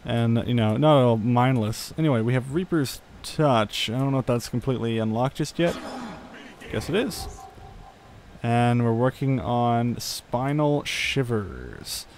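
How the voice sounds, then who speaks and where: A man's voice: mid-range voice, expressive, unhurried, a little mellow. A young man giving casual gameplay commentary, thinking aloud with lots of fillers and chuckles. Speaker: gaming channel host.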